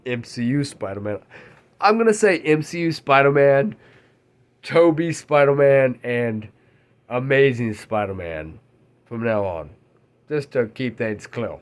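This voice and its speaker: A man ranting casually about a favorite film, his voice swooping up and down with a lot of life in it. He takes his time, drawing out words rather than rushing, and swears freely along the way. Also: medium pitch. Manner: excitable, swears freely, laughs mid-sentence. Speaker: movie reviewer. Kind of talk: casual spoiler-filled movie rant.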